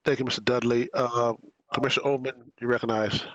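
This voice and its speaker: A man chairing a county meeting, brisk and procedural as he calls on speakers. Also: mid-range voice, little pitch movement, a bit bright, dry recording. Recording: dull lo-fi sound.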